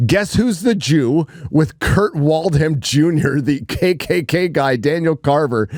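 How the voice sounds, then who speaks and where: A man's voice: on the high side, expressive, takes it slowly, darkish tone, no echo, clean studio sound. A man hosting a livestream, giving blunt, rambling commentary and swearing casually. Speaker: livestream host.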